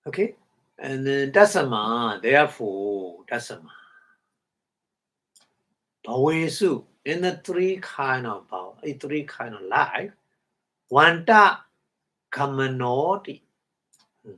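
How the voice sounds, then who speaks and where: A man giving a Dhamma talk in halting English, breaking Pali words into syllables, often chuckling and asking if listeners follow. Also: medium pitch, sing-song, a bit bright. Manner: halting non-native English, chuckles often, checks understanding. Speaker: meditation teacher.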